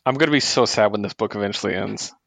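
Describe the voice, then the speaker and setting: A man's voice: lowish voice, fast talker, creaky, a bit bright, no echo. A man co-hosting a podcast, recapping comics in an enthusiastic, rambling casual chat. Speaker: podcast co-host.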